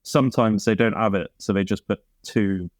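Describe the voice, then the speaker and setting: A man's voice: lowish voice, moderate pace, dry recording. A man as a podcast guest in casual chat, laid-back and matter-of-fact with dry humour. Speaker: podcast guest, band member.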